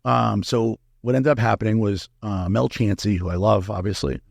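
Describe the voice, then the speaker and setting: Gravelly-voiced man telling blunt stories. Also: on the low side, steady tone, normal speed, a little mellow, no echo, studio quality. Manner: candid, profane, acts out quoted dialogue. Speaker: guest, supplement company founder. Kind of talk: casual interview storytelling.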